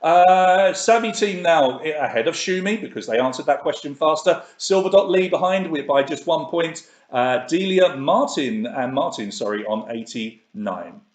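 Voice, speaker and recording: Male quiz host, chatty and upbeat, slightly higher voice, echoey room. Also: animated, moderate pace, few pauses. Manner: chatty, reads questions and options twice. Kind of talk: live online quiz hosting.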